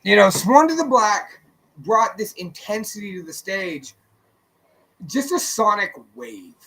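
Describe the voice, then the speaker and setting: A man with a high, bright, ringing voice tells stories on a radio talk show. He is loose and profane, and he slips into the voices of the people he quotes. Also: big pitch swings, unhurried, rough recording. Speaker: co-host and musician. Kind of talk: casual radio chat, storytelling.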